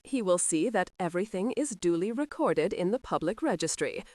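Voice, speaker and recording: A woman narrator voicing a blunt, gruff male conspirator who talks in a matter-of-fact way. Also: lowish voice, lively intonation, moderate pace, darkish tone, no room sound, lightly acted.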